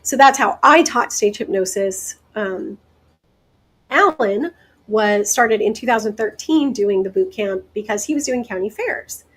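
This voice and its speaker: A woman from the American Deep South, a guest hypnotist telling stories in a casual interview, chatty and quick to laugh. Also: breathy edge, poor audio. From Deep South, United States. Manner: chatty, laughs often, lively asides.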